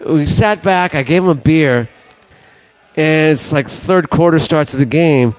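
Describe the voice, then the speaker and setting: Older man, podcast guest, rambling anecdote, swears freely, slightly high voice. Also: unhurried, soft background music. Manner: rambling, profane, animated anecdote teller. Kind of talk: casual storytelling.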